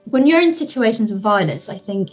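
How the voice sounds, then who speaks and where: A woman in a casual interview, telling a personal story with lots of fillers and lively retellings. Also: mid-range voice, fairly quick, faint music behind, low-quality recording. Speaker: guest, nonviolent communication trainer.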